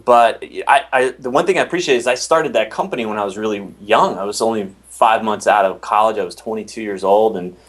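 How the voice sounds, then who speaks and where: A man in his thirties as an interview guest, telling stories in a rambling, animated way with many restarts. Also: fairly low pitch, brisk, hardly any pauses. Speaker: podcast host, interview guest. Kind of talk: casual interview.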